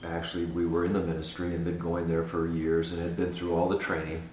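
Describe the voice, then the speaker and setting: Older guy with a deep voice telling his story, echoey room, mic kinda far off. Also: fast talker, a little hiss or hum. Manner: earnest, animated storyteller who repeats himself. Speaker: guest giving a testimony. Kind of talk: casual spoken testimony. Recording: roomy sound from a distance.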